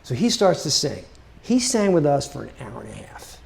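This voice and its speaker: Gravelly, chatty male storyteller. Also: a little high, moderate pace. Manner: animated, chatty, with many fillers. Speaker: guitarist telling a story. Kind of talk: casual storytelling to camera.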